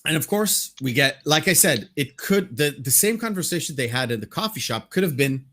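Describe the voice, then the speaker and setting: A man co-hosting a casual movie podcast, animated, swearing freely and laughing often. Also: fairly high pitch, a little fast. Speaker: podcast co-host.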